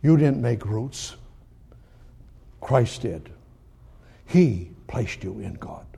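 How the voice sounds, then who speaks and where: A man's voice: medium pitch, lively intonation, very slow, vocal fry, long pauses, mellow, husky. A man preaching a sermon in a church, reading Bible verses and asking God rhetorical questions. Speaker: pastor. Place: church service.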